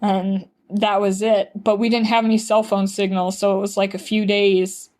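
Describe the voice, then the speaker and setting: Woman guest rambling through a story, says like a lot, does little voices for quotes, middle pitch. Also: flat delivery, normal speed, a little mellow. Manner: chatty, fills speech with "like", acts out quotes. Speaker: podcast guest. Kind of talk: casual storytelling.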